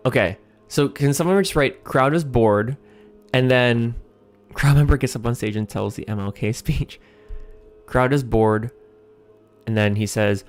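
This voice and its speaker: A man's voice: medium pitch, unhurried. A man hosting a livestream, thinking aloud while writing a comedy sketch, hesitant with many ums and chuckling as he reads lines aloud.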